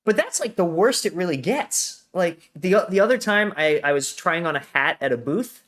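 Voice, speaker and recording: Animated American man telling stories. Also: high voice, moderate pace. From Colorado, USA. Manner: animated storytelling, laughs often. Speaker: guest. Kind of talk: casual conversation.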